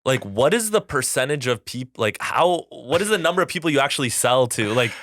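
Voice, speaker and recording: A man's voice: mid-range voice, expressive, a little fast, fairly bright tone, dry recording. Curious man hosting a podcast, dry sound. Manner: curious, asks questions with frequent "like" fillers. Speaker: podcast host. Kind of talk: casual chat. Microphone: headset.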